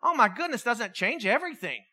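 A middle-aged preacher giving a sermon as an animated storyteller who acts out quoted voices and adds jokey asides. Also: mid-range voice, quick pace.

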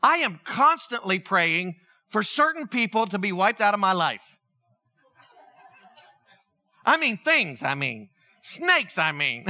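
A man's voice: sits high, sing-song, takes it slowly, pauses often, pushed and bright. A male pastor preaching a conversational sermon, acting out dialogue as he tells the story.

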